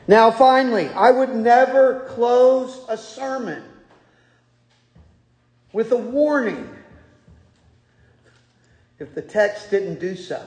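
A man's voice: very high voice, expressive, takes it slowly, long pauses, a little mellow. A man preaching a sermon as pastor in a church, with folksy joking asides to the congregation. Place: church sanctuary. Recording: echoey hall.

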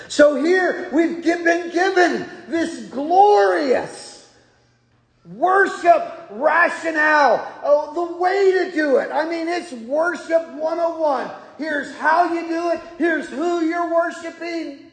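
A man's voice: extremely high pitch, animated, slow pace. A man preaching a sermon as pastor in a church, with folksy joking asides to the congregation. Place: church sanctuary. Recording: echoey hall.

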